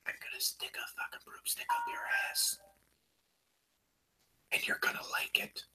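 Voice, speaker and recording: A man doing an impression of an unhinged male wrestler, hissing threats in a breathy whisper. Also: moderate pace, soft background music. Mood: menacing whisper. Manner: raspy unvoiced whisper bursting into shouts.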